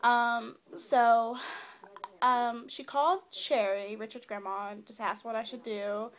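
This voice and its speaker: A woman's voice: on the high side, steady tone, takes it slowly. A young woman telling a rambling personal story to her camera, with many fillers, while feeding her baby. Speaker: new mother vlogger.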